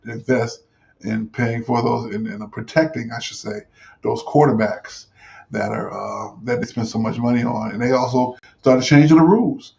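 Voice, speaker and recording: A man's voice: mid-range voice, moderate pace, creaky, darkish tone. A man hosting a sports talk show, giving casual, rambling commentary with many fillers and restarts. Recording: dull lo-fi recording.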